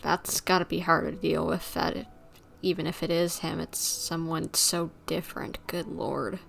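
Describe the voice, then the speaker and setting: A woman's voice: deep voice, flat delivery, gravelly, a bit bright, slight background noise. A woman streamer reading and commenting casually over a video game. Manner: casual, quick asides. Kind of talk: casual let's-play commentary.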